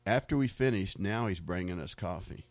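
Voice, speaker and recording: Here a middle-aged man from the United States recounts faith stories as a relaxed, wandering testimony full of repeated words and laughter. He has a low voice and talks at a normal speed, with no echo in the audio.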